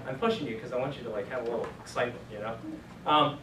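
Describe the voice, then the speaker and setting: Speaking very fast with big pitch swings, a man with a mid-range voice teaches Bible Greek, joking, encouraging and thinking on his feet. The classroom lecture is recorded from a distant mic in a noisy, echoey room.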